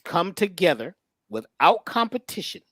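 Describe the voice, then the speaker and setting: A man speaking at a spiritual workshop in a halting, stammering, preachy way. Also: high-pitched, big pitch swings, a bit bright, slightly rough, no room sound. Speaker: guest speaker.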